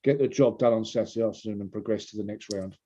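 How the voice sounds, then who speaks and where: A man's voice: on the low side, fast talker, warm tone. A man guesting on a football radio chat, talking easily about upcoming matches. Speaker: guest from a local football league. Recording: dull lo-fi sound.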